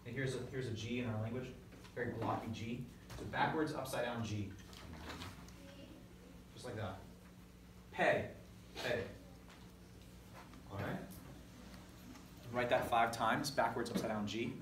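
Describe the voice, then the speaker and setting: A man's voice: mid-range voice, measured pace, long pauses, noisy background. A man teaching a classroom lesson, leading call-and-response drills with energy and correcting himself as he goes. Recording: echoey classroom recorded from far off.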